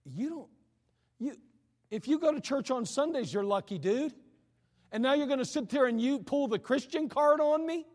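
High-voiced man preaching in a hall. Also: lively intonation, moderate pace, darkish tone. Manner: conversational preaching, acts out quoted voices. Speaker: pastor. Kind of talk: sermon.

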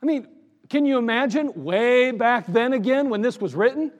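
A man with a high voice preaches a sermon to his congregation in a conversational way. He reads old scripture verses aloud and slips into little acted-out scenes. The sound carries a long church reverb. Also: animated, normal speed. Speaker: pastor. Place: church sanctuary.

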